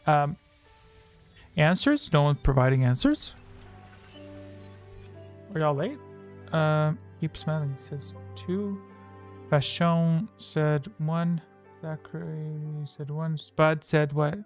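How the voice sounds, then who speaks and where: A man's voice: a little high, expressive, slow pace, long pauses, faint music behind. A man hosting a livestream quiz at a home desk microphone, talking in a rambling way, correcting himself and reading out chat answers.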